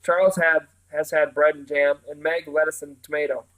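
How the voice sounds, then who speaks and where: A man reading the part of a calm, reassuring mother who speaks lightly and briskly. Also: fairly high pitch, lightly acted, low-quality recording.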